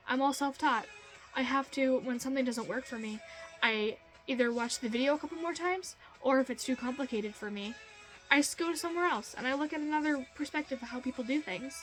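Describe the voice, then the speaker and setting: A young woman speaks to camera in a casual, earnest vlog, with a slightly high voice. She is chatty and repeats her points for emphasis, and faint music plays underneath. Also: fairly quick, poor audio. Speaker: vlogger. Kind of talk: casual motivational talk to camera.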